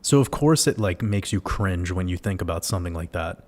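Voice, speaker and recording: A man's voice: deep voice, expressive, fairly quick, darkish tone. A man hosting a livestream, talking casually and animatedly to his viewers, swearing and firing off rhetorical questions. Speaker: livestream host.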